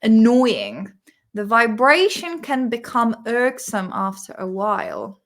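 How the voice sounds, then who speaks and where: A woman's voice: on the high side, sing-song, takes it slowly. A woman chatting casually while studying vocabulary, repeating words aloud and swearing and laughing freely. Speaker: English vocabulary vlogger.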